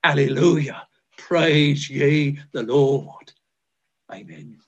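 A man's voice: mid-range voice, drawn-out words, husky. An older man preaching a fervent, tender chapel sermon, quoting scripture and hymn verses. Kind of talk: old-fashioned chapel sermon. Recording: dull lo-fi recording.

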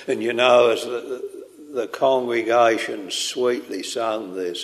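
Older preacher, gravelly, slow and earnest, chapel reverb. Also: male voice, mid-range voice. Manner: slow, earnest storytelling, drawn-out quoted lines. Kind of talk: sermon. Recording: long hall reverb.

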